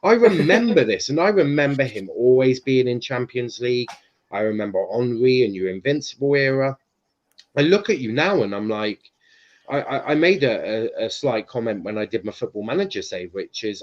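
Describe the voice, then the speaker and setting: Man, podcast host, casual chat, mid pitch, hesitant, muffled lo-fi sound. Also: lively intonation, normal speed. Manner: hesitant, lots of ums and repeats. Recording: dull lo-fi sound.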